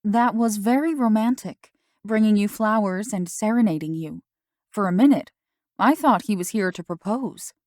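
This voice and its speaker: A woman voicing a worried, gentle mother who questions her daughter in a soft, coaxing way. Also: mid-range voice, moderate pace, dry recording, studio quality, lightly acted. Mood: probing.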